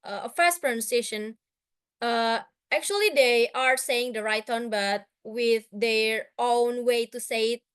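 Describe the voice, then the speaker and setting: Young indonesian-accented woman presenting slides on a video call, kinda high, smooth clear voice, lots of uh and restarts. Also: measured pace. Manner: hesitant, many fillers and restarts. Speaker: guest speaker.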